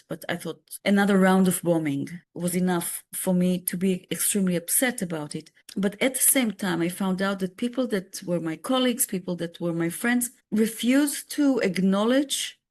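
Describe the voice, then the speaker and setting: A woman's voice: mid-range voice, darkish tone. A woman from Israel, a peace activist guest on a podcast, speaking earnestly and searching for words with frequent restarts. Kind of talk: casual podcast conversation.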